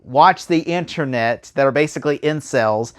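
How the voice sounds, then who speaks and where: A man giving a casual spoken movie review, rambling and animated, full of fillers and restarts. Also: mid-range voice, moderate pace.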